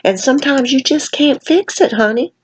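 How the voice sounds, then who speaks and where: A woman's voice: high-pitched, expressive, moderate pace, rough recording. A tired woman giving a casual commentary rant, her speech a little slurred, folksy and emphatic with lots of "honey" and "baby". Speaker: vlogger commenting on another channel.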